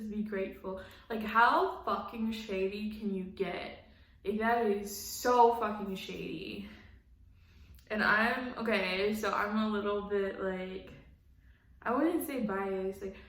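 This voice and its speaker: A woman's voice: mid-range voice, a bit bright, echoey room, poor audio. A young woman recapping a reality show in casual, blunt, profane commentary, laughing often. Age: young adult.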